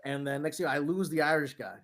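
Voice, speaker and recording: A man's voice: fairly high pitch, fairly quick, noisy background. Man from New York, loose rambling storyteller, swears freely, laughs through his story, chatty guest. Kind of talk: casual storytelling.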